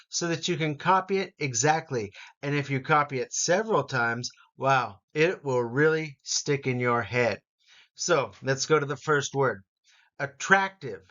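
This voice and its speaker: A man teaching English vocabulary, repeating each word slowly and stressing its syllables for learners to copy. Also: mid-range voice, a bit bright, highs cut off. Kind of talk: slow, deliberate pronunciation lesson.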